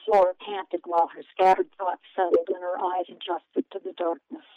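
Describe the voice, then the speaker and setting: Children's author reading her book, expressive, muffled dry recording, woman. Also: fairly low pitch, moderate pace, vocal fry, no room sound. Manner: expressive storytelling narration.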